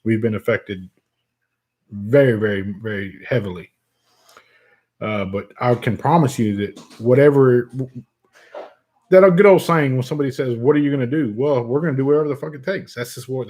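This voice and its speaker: Middle-aged man chatting on a casual livestream, cussing freely and laughing at his own jokes. His voice sits at an ordinary pitch for a man, and he moves easily between loose banter and earnest talk with viewers. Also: normal speed, darkish tone. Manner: profane, joking, laughs often. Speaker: vape channel host. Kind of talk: casual livestream chat reading viewer comments.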